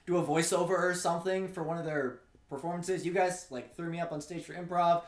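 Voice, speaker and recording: A young man chatting casually on a podcast, joking about his high school days. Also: steady tone, brisk. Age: young adult. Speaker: podcast co-host. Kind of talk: casual chat. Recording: roomy echo.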